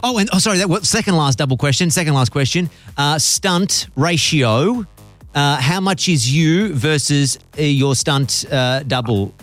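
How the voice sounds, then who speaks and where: An Australian man hosting a radio interview, chatty and joking, with quick interjections. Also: on the high side, fairly bright tone, faint music behind. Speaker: radio show host. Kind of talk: casual interview.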